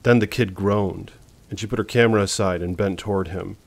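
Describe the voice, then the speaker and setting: Male audiobook narrator, low voice, measured suspenseful novel reading. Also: steady tone, gravelly.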